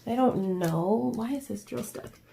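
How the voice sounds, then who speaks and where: Young woman crafter venting in a casual vlog; dark, mellow voice with plenty of fry. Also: a little high, unhurried, slight background noise. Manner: rambling and ranty, many fillers. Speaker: craft vlogger. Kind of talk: casual chat while diamond painting.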